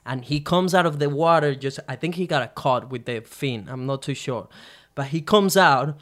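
A man co-hosting a podcast, telling a story in casual chat, animated and profane, with quick restarts and lots of fillers. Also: fairly high pitch. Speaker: podcast co-host.

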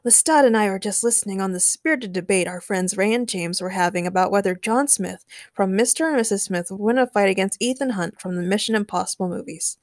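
Courteous vampire gentleman, as a woman narrator puts him on. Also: medium pitch, brisk, no room sound, studio quality, natural voice. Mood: courtly. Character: refined male vampire host.

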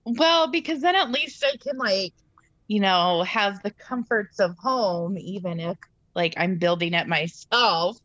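A woman's voice: medium pitch, expressive, unhurried, a bit bright, no room sound, highs cut off. A woman guest from Iowa in casual chat over a video call, hesitant and laughing as she answers. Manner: hesitant, full of fillers, laughs easily.

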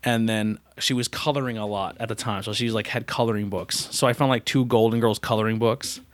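A man's voice: on the low side, fairly even intonation, brisk, no room sound. A man hosting a casual interview podcast, joking and acting out quotes in silly voices. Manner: jokey, acts out quotes in put-on voices. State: out of breath. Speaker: podcast host.

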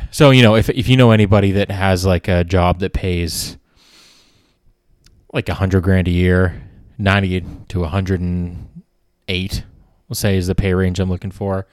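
Man, podcast host, low voice, dry close sound, rambling, sardonic, swears a lot. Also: steady tone, unhurried, no room sound. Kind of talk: casual comedic monologue.

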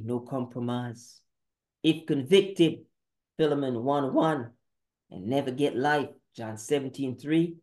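Mellow-voiced man rattling off scripture. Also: mid-range voice. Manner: terse, rapid-fire verse citations, confrontational. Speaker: podcast preacher. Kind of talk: scripture-citing sermon monologue.

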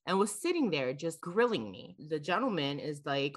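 A woman in her thirties with a slightly low voice, co-hosting a relaxed chat. She tells stories bluntly and swears freely, with lots of energy in the telling. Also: a little fast, few pauses, husky. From Florida. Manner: blunt, profane, animated storyteller. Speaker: podcast co-host. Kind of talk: casual chat.

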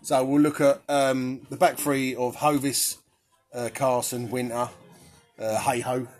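A man's voice: mid-range voice, flat delivery, measured pace, a little mellow, faint music behind. A young man hosting a casual quiz for his football teammates, cheeky and sweary, laughing often. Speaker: quiz host for a football team. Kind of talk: casual banter.

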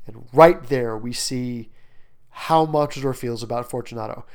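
Man, literature lecture, animated, emphatic, lots of fillers and asides. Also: medium pitch, measured pace, gravelly. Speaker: literature teacher. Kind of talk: lecture on a short story, reading passages aloud.

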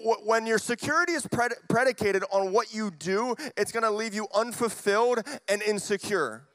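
A man preaching a sermon as pastor, telling family stories and swinging between hushed and loud, animated delivery. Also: very high voice, no room sound.

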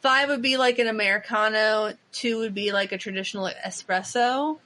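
A woman's voice: mid-range voice, moderate pace, sharp tone. A woman hosting a podcast, chatting casually and enthusiastically, with lots of filler words. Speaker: podcast host. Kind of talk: casual chat.

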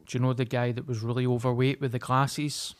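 A man's voice: medium pitch, little pitch movement, brisk. Candid sweary Scottish man. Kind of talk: casual chat.

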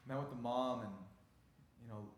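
A man's voice: mid-range voice, slow, slight background noise. A man, a pastor, telling a personal story in a sermon in an earnest, conversational and emotionally charged way. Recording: very echoey large room.

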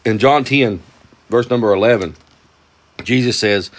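A man's voice: medium pitch, unhurried, pauses often. A man teaching a devotional Bible lesson, folksy and enthusiastic, often asking rhetorical questions. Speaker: preacher.

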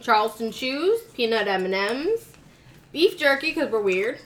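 A woman's voice: a little high, very animated, a little slow. A woman co-hosting a casual group chat, chatty and laughing often. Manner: chatty, laughs often, lists things eagerly. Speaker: co-host.

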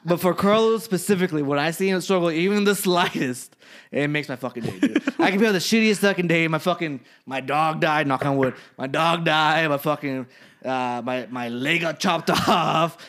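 A man's voice: fairly high pitch, normal speed, fairly bright tone. A man co-hosting a casual podcast chat, swearing constantly and laughing through his rambling stories. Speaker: podcast co-host.

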